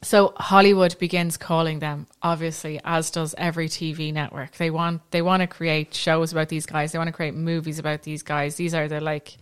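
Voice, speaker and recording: A woman's voice: low voice, level tone, normal speed, few pauses, clean tone. A woman podcast host telling a true crime story in a chatty way, with frequent ums and restarts. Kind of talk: casual storytelling chat.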